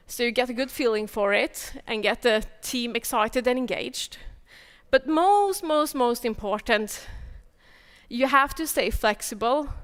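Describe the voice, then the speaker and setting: A woman giving a technical conference talk, speaking as an energetic, chatty presenter handing out advice. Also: on the high side, clear, resonant tone, in a large hall. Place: large conference hall.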